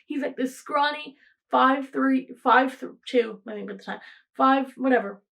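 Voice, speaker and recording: Young woman, solo podcast host, rambly casual delivery, a bit high-voiced. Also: measured pace, creaky, a bit bright, low-quality recording. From Greek heritage, raised in the United States. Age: young adult. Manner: rambling, frequent "like" and restarts, laughs often.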